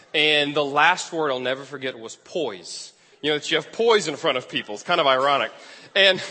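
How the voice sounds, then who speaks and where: A man tells a story from the pulpit in a bright, forceful voice that sits a little high. He talks in a chatty, self-deprecating way, often laughing at himself. The sound rings with the long reverb of a large hall. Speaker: preacher. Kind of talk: storytelling sermon.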